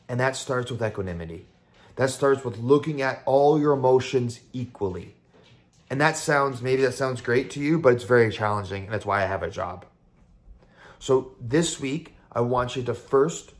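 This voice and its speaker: A man, a therapist, talking casually to camera about mindfulness in an upbeat, conversational way, now and then acting out people's inner voices. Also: mid-range voice.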